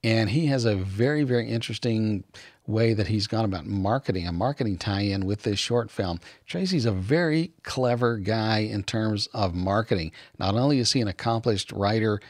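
Male podcast host, lowish voice, dry close sound, upbeat and encouraging. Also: normal speed, no room sound. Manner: enthusiastic, encouraging. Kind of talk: podcast interview.

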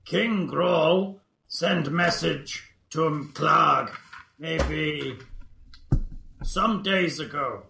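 A man's voice: fairly high pitch, drawn-out words, vocal fry, roomy sound, noisy background, heavily acted. A man voicing a male goblin captive who talks in broken, clipped grammar in a tabletop game. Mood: informing.

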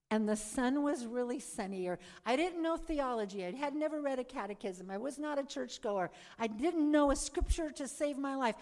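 A woman giving a lively testimony talk to a live audience, acting out her own past lines and asking the crowd questions. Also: sits high. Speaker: speaker giving a conversion testimony. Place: church or meeting hall. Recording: long hall reverb.

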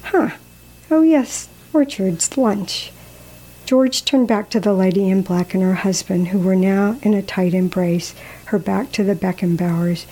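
A woman calmly reading a story aloud in a measured, gently expressive way. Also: mid-range voice, slightly rough, poor audio. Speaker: narrator.

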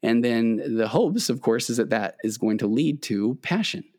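Here the same kind of middle-aged man, a therapist who hosts, recounts a personal story earnestly and conversationally, voicing both himself and his wife. He speaks in an expressive mid-range voice with a darkish tone at normal speed.

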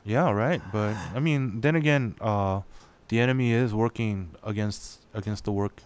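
Smooth-voiced man co-hosting a podcast. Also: fairly low pitch, moderate pace, no room sound. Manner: relaxed, many filler "uh"s. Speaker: podcast co-host. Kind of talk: casual chat.

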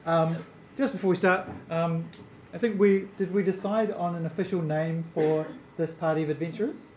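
Guy running a live d&d game, slightly high voice, lots of ums, roomy echo. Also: fairly even intonation, normal speed, darkish tone, slight background noise. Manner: hesitant, full of fillers, amused. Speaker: game master. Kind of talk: live tabletop game narration. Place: stage in front of a live audience.

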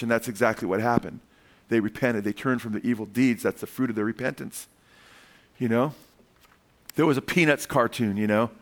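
A man preaching a sermon as pastor, animated, calling "amen?" to the congregation and acting out voices as he tells stories. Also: medium pitch. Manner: acts out quoted voices in storytelling.

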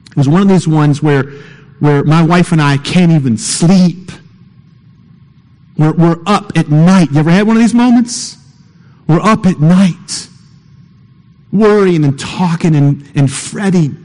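Man, middle-aged pastor, high voice, sermon, emphatic, repetitive, long church reverb. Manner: emphatic, repetitive, swings between fast bursts and slow soft stresses. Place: church sanctuary. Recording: reverberant hall.

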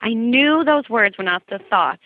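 Over a tinny phone line, a singer-songwriter guest gives a personal testimony in a phone interview, telling her story earnestly and bringing quoted voices to life. Her voice sits on the high side at a moderate pace, with no echo.

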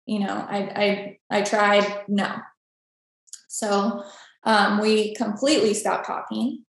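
A woman with a gravelly, creaky voice shares a personal faith testimony as a podcast guest. She tells it vividly and acts out each exchange. The recording rings with heavy room echo. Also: mid-range voice, slow pace. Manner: animated storytelling, acts out dialogue. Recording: very echoey room.

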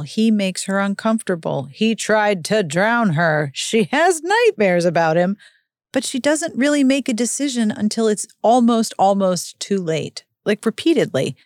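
A woman's voice: mid-range voice, no echo, clean studio sound. Wry exasperated woman recapping a book. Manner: exasperated, wry, animated commentary. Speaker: podcast host recapping a book.

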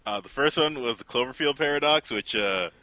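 A man's voice: medium pitch, fairly quick, bright, forceful tone, no echo, rough recording. A man co-hosting a casual film podcast, wry and blunt in his remarks. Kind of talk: casual chat.

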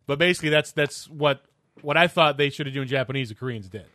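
A man's voice: fairly high pitch, fast, pushed and bright, no echo, clean studio sound. A man co-hosting a casual podcast chat, explaining at length with frequent restarts and hesitations.

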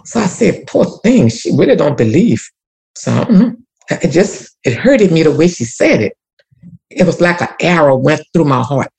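Gravelly-voiced woman telling a heartfelt story. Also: sits low, animated, normal speed, a little mellow. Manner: emotional, repetitive, church-rooted testimony. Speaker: community activist guest. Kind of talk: personal storytelling.

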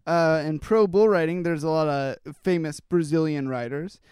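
A man's voice: on the high side, moderate pace, a little mellow, clean tone, dry recording, studio quality. A man co-hosting a casual chat, reacting to news stories in a rambling, talkative way with lots of fillers. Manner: rambling, chatty, trails off and restarts with fillers. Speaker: podcast co-host.

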